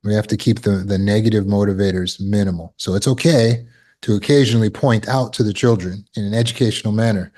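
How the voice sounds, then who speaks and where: A man's voice: lowish voice, steady tone, fast, warm tone. A man giving a motivational talk as a self-help teacher, emphatic and repetitive, explaining with everyday examples.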